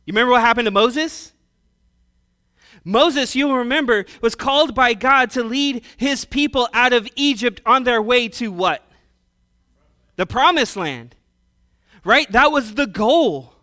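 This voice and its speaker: Male pastor, sermon delivery, high and bright, conversational swings between loud and hushed. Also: expressive, measured pace, long pauses.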